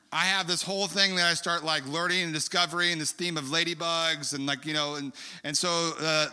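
Preacher man, bright forceful voice, rambling story sermon, echoing hall. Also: fairly high pitch, clean tone. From California. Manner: animated, rambling storyteller with many fillers. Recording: long hall reverb.

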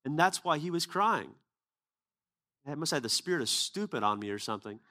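A man's voice: a little high, sing-song, brisk, pushed and bright. Casual storytelling male preacher. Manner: casual, conversational retelling with quoted dialogue. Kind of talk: sermon storytelling.

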